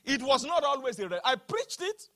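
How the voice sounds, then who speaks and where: A man preaching a sermon, calling for the congregation to repeat lines and slowing down to stress his words. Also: very high voice, very animated, sharp tone, dry recording, clean studio sound. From Nigeria. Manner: emphatic preaching with call-and-response, slows down to stress lines. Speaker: pastor.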